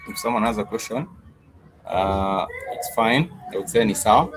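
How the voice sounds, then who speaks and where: A man teaching a live-streamed language lesson, patient and repetitive, with many pauses and "uh" fillers. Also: lowish voice, noisy background. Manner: patient, repetitive, says "uh" often. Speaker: Swahili teacher.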